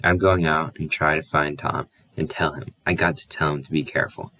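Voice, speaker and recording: A man voicing a weary, firm rural mother in an audiobook, with a soft country drawl. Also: very deep voice, fairly even intonation, fairly quick, dry recording, studio quality, exaggerated voice. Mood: firm, hushed.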